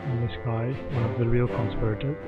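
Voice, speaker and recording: Puzzling over clues while streaming a game, a man gives brisk commentary in a medium-pitched, fairly even voice. The recording is muffled lo-fi audio with faint game music in the background.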